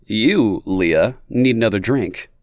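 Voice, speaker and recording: A man voicing a confident young man who speaks in a steady, slightly amused tone. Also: lowish voice, slow, no echo, studio quality. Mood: smooth. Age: young adult.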